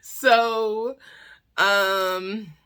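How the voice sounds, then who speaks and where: A woman vlogger telling a comedic story in a casual, animated, exasperated way, swearing freely. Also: medium pitch, drawn-out words, clean tone.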